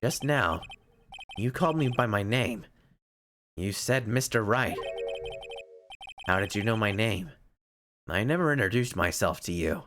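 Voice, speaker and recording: Earnest, jumpy young lawyer, read by a man, slow and deliberate yet swinging widely in pitch. Game music plays clearly underneath. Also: animated. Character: earnest young male lawyer, easily startled.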